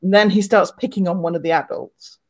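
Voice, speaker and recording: A woman's voice: on the low side, a little fast, a little mellow. A woman co-hosting a casual group chat, telling a story with enthusiasm. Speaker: podcast co-host.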